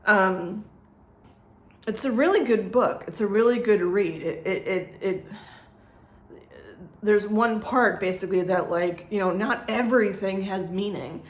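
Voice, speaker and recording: A woman's voice: mid-range voice, measured pace, long pauses. A woman talking through a casual personal vlog, rambling and chatty, with many fillers and frequent laughs. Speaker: vlogger. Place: at home, echoey room. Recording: echoey room.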